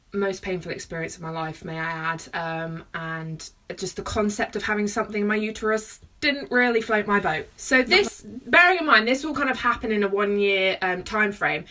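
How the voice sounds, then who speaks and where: Young woman, bright tense voice, nervous and chatty, phone mic set a little away. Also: mid-range voice, fairly quick, few pauses, far from the mic. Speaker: vlogger. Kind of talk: personal vlog.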